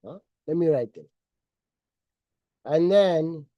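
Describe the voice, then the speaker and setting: High-voiced sarcastic man, slow, muffled. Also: animated, no echo. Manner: sarcastic, theatrical retelling with quoted voices. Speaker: commentator on religious history. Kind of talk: mocking lecture-style commentary.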